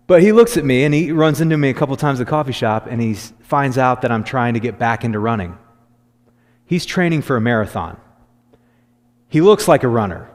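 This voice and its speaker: A man's voice: medium pitch, a little fast. Man preaching in a reverberant church. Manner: conversational storytelling, animated when quoting. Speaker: pastor. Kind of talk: sermon. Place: church sanctuary.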